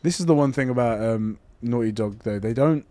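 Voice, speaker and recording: Young male podcast co-host, mid pitch, laid-back and sweary, dry booth sound. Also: fairly quick, no echo. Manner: relaxed, swears casually, laughs easily. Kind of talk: casual chat, reading listener messages.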